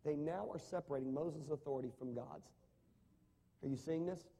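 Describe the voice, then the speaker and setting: A man's voice: a little high, normal speed, gravelly, mellow, breathy edge. A man preaching a sermon, asking the congregation rhetorical questions and reading scripture with rising emphasis. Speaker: pastor.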